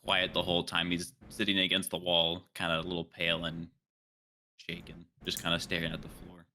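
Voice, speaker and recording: A man playing a tabletop game, quietly describing his character's actions. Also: sits low, monotone, brisk, a little hiss or hum. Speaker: player. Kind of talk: tabletop role-play narration.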